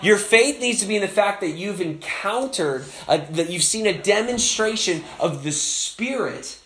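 A man preaching at a camp as pastor, telling his story in a casual and animated way, acting out the voices of the people in it with many fillers. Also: high-pitched, normal speed, echoey room, slight background noise. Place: speaking at a camp.

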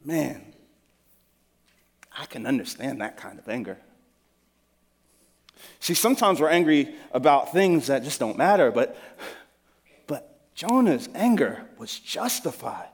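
A man's voice: medium pitch, big pitch swings, unhurried, pauses often, breathy edge. A male pastor preaching a sermon in an earnest, conversational storytelling manner. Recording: long hall reverb.

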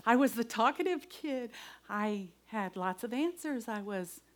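A middle-aged woman giving a devotional talk and personal testimony, earnest, moving between raised voice and soft whispers. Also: on the high side, animated, measured pace. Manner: earnest, shifts from loud to whispered.

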